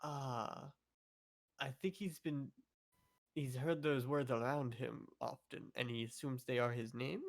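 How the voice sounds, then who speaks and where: A man's voice: mid-range voice, steady tone, measured pace, gravelly, dry recording, studio quality. A man playing a tabletop role-playing game, talking in and out of character with frequent stammers. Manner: stammering, playful in-character talk. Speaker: player.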